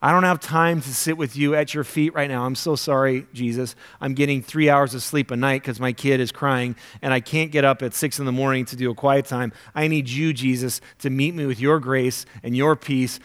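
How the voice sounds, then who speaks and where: A man preaching a weekend sermon to a congregation in a church. He talks conversationally, asks the listeners questions, and acts out quoted prayers loudly. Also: steady tone, normal speed, hardly any pauses. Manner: acts out quoted prayers with big jumps in pitch and volume. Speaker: pastor. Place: church sanctuary before a congregation.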